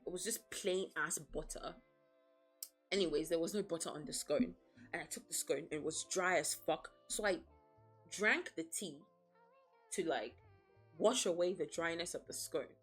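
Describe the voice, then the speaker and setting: A woman's voice: lowish voice, normal speed, long pauses, slightly rough, soft background music. A woman streaming as a VTuber, chatting casually in a blunt, profane, playfully dramatic way and laughing often. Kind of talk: casual livestream chat.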